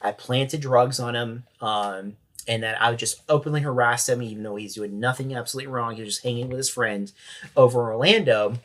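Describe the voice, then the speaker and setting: A man's voice: medium pitch, fairly quick, fairly bright tone. A man, a sheriff's corporal, recounting a story as a podcast guest in a detailed, matter-of-fact way. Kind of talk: interview storytelling.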